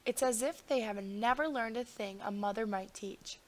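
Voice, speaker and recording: A woman's voice: on the high side, moderate pace, lightly acted. A woman reading a storybook, playing a weary, sleepless old king with a grand, drowsy manner. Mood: solemn.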